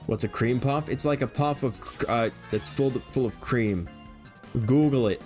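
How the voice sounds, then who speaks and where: A man's voice: medium pitch, unhurried, darkish tone, faint music behind. A young man streaming a video game, rambling and joking in a casual running commentary and laughing easily.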